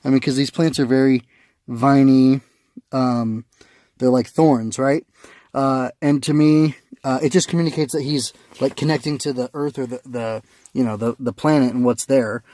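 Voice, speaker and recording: A man's voice: mid-range voice, steady tone, moderate pace, dark tone, dry recording. Rambling man reviewing a comic. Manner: rambling, many fillers and restarts. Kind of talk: casual spoken review. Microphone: phone.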